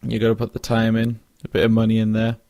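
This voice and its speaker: A young man talks through a loose solo podcast, drifting between thoughts with plenty of ums and false starts. His voice sits low with a gravelly edge, and he yawns a bit as he goes. The sound is close and dry, with no room around it. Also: monotone, fast talker, mellow, no room sound. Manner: rambling, frequent fillers and restarts. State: yawning, drowsy. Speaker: podcast host. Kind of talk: casual solo monologue.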